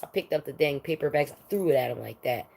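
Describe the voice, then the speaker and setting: A woman giving a heated, profane monologue rant, swinging between loud outbursts and low muttering. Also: animated, fast, creaky. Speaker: vlogger.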